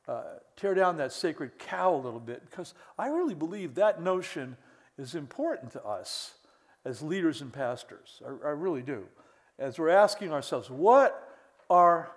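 An older man, a pastor preaching a sermon to church leaders with many restarts and mock exclamations. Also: a little high.

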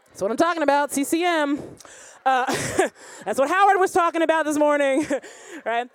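A woman worship pastor preaching a lively sermon, laughing and breaking into song now and then. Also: high-pitched, brisk, no echo. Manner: animated preaching, bursts of laughter, sings lines. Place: church or conference room.

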